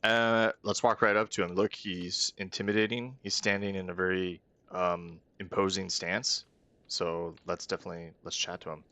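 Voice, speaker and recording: A man's voice: deep voice, fairly even intonation, normal speed, pushed and bright, no room sound. A man hosting a let's-play, chatting casually with wry, self-aware asides. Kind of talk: casual game commentary.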